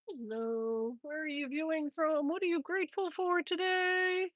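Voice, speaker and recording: A woman's voice: sits high, steady tone, unhurried, fairly bright tone, no room sound. A woman chatting on a live stream outdoors in a sunny yard, greeting viewers by name, on a handheld phone. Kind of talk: casual live-stream chat.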